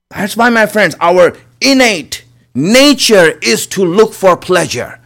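Earnest man preaching, slightly high voice. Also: lively intonation, slow pace, gravelly, fairly bright tone. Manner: earnest, repeats phrases for emphasis, addresses listeners as my friends. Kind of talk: religious sermon.

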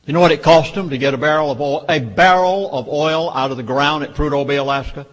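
A man's voice: on the high side, brisk. A man with a Southern US accent gives an urgent, emphatic speech to a public meeting, lecturing his listeners. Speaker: public speaker. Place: meeting hall with audience. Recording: long hall reverb.

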